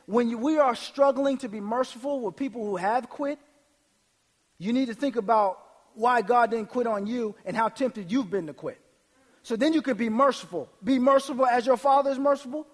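A man's voice: extremely high pitch, in a large hall. A man preaching a sermon, reading scripture aloud and asking his listeners rhetorical questions with emphasis. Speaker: pastor.

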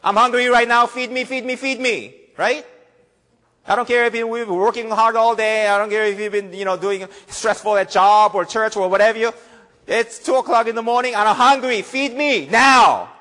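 A man voicing a hungry, selfish newborn baby, loud and insistent in its demands. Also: sits high, fairly even intonation, normal speed, big-room sound, pitched above the performer's own voice. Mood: demanding.

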